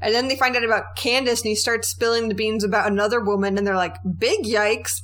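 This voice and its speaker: A woman's voice: fairly high pitch, steady tone, fast talker, a bit bright. A woman co-hosting a true crime podcast, reacting with blunt, sarcastic commentary. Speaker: podcast co-host. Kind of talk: casual podcast chat.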